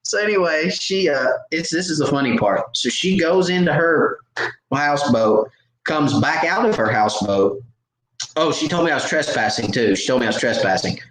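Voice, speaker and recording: A man hosting a live Q&A, telling a story in an animated, self-mocking, casual way. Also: mid-range voice, normal speed, roomy sound, low-quality recording. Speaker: host.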